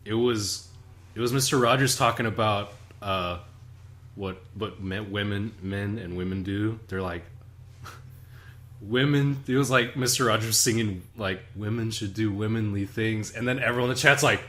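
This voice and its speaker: A man's voice: lowish voice, moderate pace. A man co-hosting a podcast in casual chat, telling stories with lots of laughing and swearing. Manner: animated storytelling, laughing, swearing. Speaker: podcast co-host.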